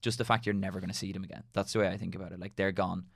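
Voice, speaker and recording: A man's voice: low-pitched, rapid-fire, gravelly, no echo, clean studio sound. A young Irish man chatting casually on a podcast, telling stories and acting out the things people said. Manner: animated storyteller acting out quoted remarks.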